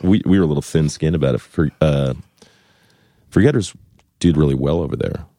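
A man's voice: extremely low pitch, a little fast, warm tone, no room sound, clean studio sound. A man being interviewed as a guest musician, chatting casually in a wry, joking way and now and then slipping into mock voices.

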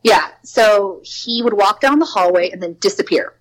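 A young woman casually telling spooky stories from her preschool job. She fills her talk with "like" and acts out quotes in a higher voice. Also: normal speed, rough recording. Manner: chatty, lots of "like", acts out quotes with a raised voice. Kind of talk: casual storytelling.

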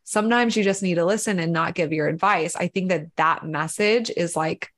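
A woman's voice: fairly low pitch, moderate pace, a bit bright. Earnest chatty woman, lots of "like". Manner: flowing, earnest, quotes imagined speech, many "like" fillers. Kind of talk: casual podcast conversation.

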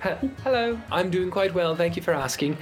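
A man's voice: high voice, lively intonation, normal speed, faint music behind, voice pushed up. A man voicing a flustered little gnome girl innkeeper who stammers as she takes orders in a tabletop game. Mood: flustered eager. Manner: stammering, fussing over orders.

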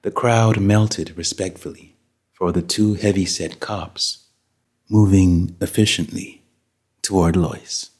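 A man reading a story aloud as narrator in a measured, dramatic way. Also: low-pitched, fairly even intonation, darkish tone, husky. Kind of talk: scripted audiobook narration.

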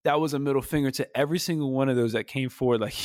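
A man co-hosting a podcast, with a mid-pitched voice recorded close and dry. He talks in a heated, animated, slangy way and often jumps his pitch up for emphasis. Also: rapid-fire, few pauses, no echo. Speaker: podcast co-host. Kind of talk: casual podcast chat.

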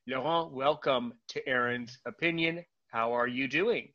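A man's voice: on the high side, takes it slowly, bright, forceful tone, muffled recording. A man hosting a podcast, greeting listeners in an enthusiastic, playful manner. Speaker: podcast host. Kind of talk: casual podcast chat.

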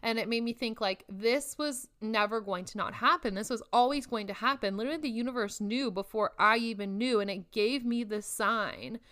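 A woman's voice: fairly high pitch, moderate pace, hardly any pauses, fairly bright tone. A woman in her twenties hosting a solo podcast, talking candidly and casually with lots of filler words. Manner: candid, chatty, frequent "like" fillers, occasional swearing. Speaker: podcast host.

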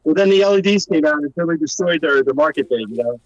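A man's voice: fairly high pitch, animated, fast, no echo. A male musician calling into a talk show, rambling and opinionated, heard over an internet call. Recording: dull, dry internet call audio.

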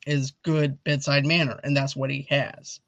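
A man hosting a casual video review chat, talkative and animated, urging viewers to comment. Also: medium pitch, normal speed, gravelly, dry recording, muffled recording. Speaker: video host.

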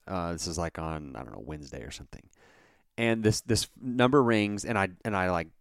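A middle-aged man hosting a podcast, telling a rambling, animated anecdote with lots of restarts. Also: low-pitched, a little fast, clear, resonant tone, dry recording, clean studio sound. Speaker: podcast host. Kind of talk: casual storytelling chat.

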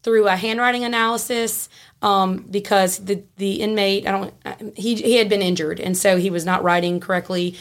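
A woman, a podcast guest telling a story in a frank, animated way and laughing easily. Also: mid-range voice, normal speed. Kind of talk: casual storytelling.

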